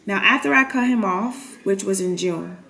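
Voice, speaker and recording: A woman's voice: medium pitch, normal speed, vocal fry, sharp tone. A woman candidly retelling a painful personal story in a vlog, emotional and dramatic. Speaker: nurse telling a personal story.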